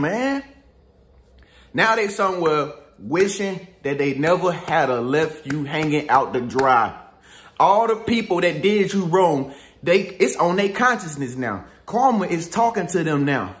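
A man's voice: high voice, animated, normal speed, a bit bright, echoey room. A man giving a slangy, jokey pep talk as a relationship advisor. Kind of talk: casual pep-talk monologue.

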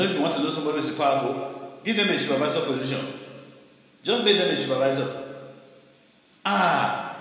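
A man's voice: on the high side, a bit bright. A male pastor giving an emphatic sermon, repeating key phrases and shifting his pace, heard in a very echoey hall.

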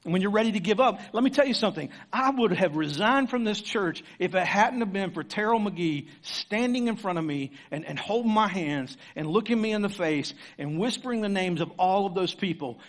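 A middle-aged man delivers a sermon as pastor of a church, his voice sitting fairly high for a man. He exhorts his listeners earnestly and hammers home his points by repeating them. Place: church room with audience.

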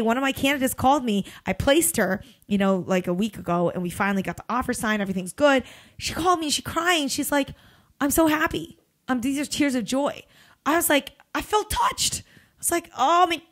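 A woman in her thirties hosting a podcast in a casual motivational monologue, emphatic and blunt, swearing freely with big swings in pitch. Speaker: podcast host and recruiter.

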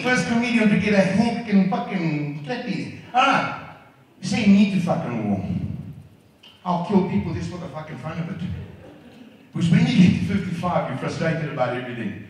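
A man's voice: sits high, sing-song, a little fast. A South African man in his fifties doing a brash, profane stand-up set on a comedy club stage. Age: 50s. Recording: echoey club, voice from far off.

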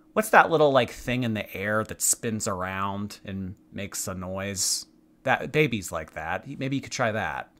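A man in a sarcastic reaction commentary who takes his time over each line. His bright, forward voice swings widely up and down as he teases, and his delivery stays dry and mocking. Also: lowish voice. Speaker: commentary host.

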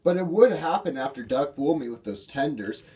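A man's voice: mid-range voice, lively intonation, a little fast, dark tone, lightly acted. A man voicing a male steam engine in a storybook reading, grumbling and self-pitying yet plucky. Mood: moaning. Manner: grumbling but spirited. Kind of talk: storybook character voice.

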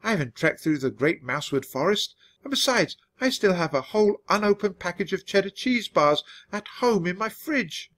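A man's voice: sing-song, measured pace, few pauses, a bit bright, breathy edge, exaggerated voice. A man reading aloud, voicing a terrified male mouse who shrieks in panic. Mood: panicked. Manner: high, shrill outbursts. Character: panicking male mouse narrator, jittery and fearful.

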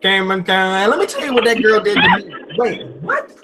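A man hosting a casual live chat, animated and playful, telling stories and slipping into silly voices. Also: extremely high pitch, a little fast, very noisy. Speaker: host.

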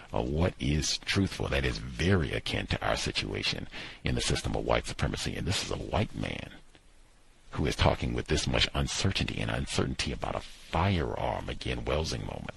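A man casually discussing a book he is reading aloud from, thinking out loud and pausing with "uh, let's see" as he goes. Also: rumbling low, vocal fry, husky. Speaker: book commentator.

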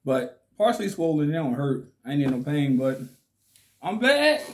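A man hosting his own vlog in a relaxed, slangy way, talking with a slight lisp because his cheeks are swollen. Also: mid-range voice. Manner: slow, laid-back, slangy, laughs often. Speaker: channel host. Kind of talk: casual vlog talk to camera.

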